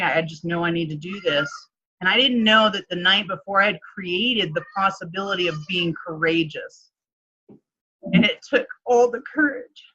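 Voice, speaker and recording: A woman's voice: lowish voice, sharp tone, dull audio. A woman life coach telling a candid personal story in an interview, full of fillers and acted-out quotes. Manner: emotional storytelling with many fillers, acts out quotes.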